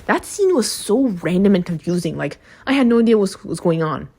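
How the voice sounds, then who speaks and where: A woman's voice: mid-range voice, big pitch swings, fairly quick, darkish tone, husky. A woman giving a casual, chatty recap of a cartoon episode, with blunt, profane reactions. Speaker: video reviewer.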